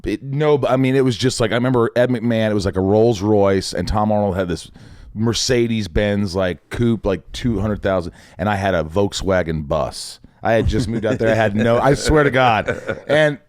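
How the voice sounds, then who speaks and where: A man in his forties, raised in Indiana in the US Midwest, is a podcast guest and actor telling show-business stories in casual conversation. His fairly low voice moves at a normal speed, and he's an animated storyteller who acts out other people's lines. The recording is clean studio sound with no room echo.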